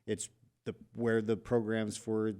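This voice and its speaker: A man co-hosting a podcast in casual political chat, animated and quick in bursts. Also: fairly low pitch, clear, resonant tone. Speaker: podcast co-host.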